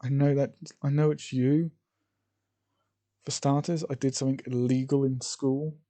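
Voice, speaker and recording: Man reading: determined young sister, insistent; slightly raised, mellow voice. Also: mid-range voice, flat delivery, moderate pace, natural voice. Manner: insistent, pleading.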